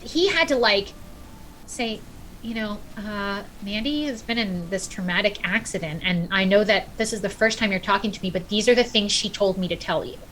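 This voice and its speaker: A middle-aged woman on a podcast, telling a personal story in animated, casual chat and acting out what people said. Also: medium pitch, moderate pace, slight background noise, low-quality recording. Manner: animated storyteller, acts out quotes. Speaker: podcast guest.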